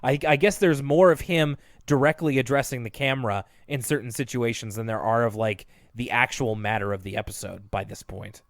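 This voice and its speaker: A man co-hosts a podcast in a relaxed, rambling way, correcting himself mid-sentence and breaking into laughter. His voice sits at an ordinary pitch, recorded dry and close with no room sound. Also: brisk, few pauses, no echo. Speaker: podcast co-host. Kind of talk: casual chat recapping a cartoon episode.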